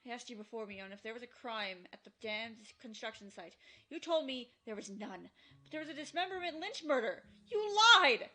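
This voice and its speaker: A hurt, bitter teenage boy, voiced by a woman in a fan-dubbed horror visual novel. He has a bright, edgy tone in a fairly high register and sounds close to the mic. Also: fairly even intonation, fairly quick, few pauses, rough recording. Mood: accusing. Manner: accusing, then remorseful. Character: boy, young teen, bitter and anguished.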